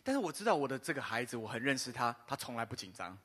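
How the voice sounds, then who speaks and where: A man, a pastor telling a personal story in a sermon, pausing in short bursts for an interpreter. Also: medium pitch, husky. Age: 50s. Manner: lively storytelling pauses for an interpreter. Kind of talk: sermon testimony.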